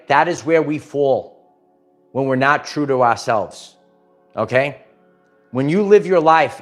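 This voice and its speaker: A man hosting a casual livestream pep talk, rambling and upbeat, motivating viewers and reading out their comments. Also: a little high. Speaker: host.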